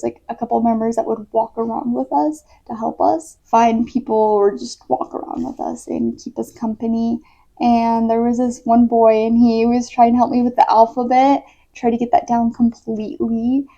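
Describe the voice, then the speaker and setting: A young American woman who is a missionary tells a story in a casual vlog, in a slightly high, creaky, mellow voice. She's chatty, fills her speech with "like," and laughs easily. The recording is dull and lo-fi.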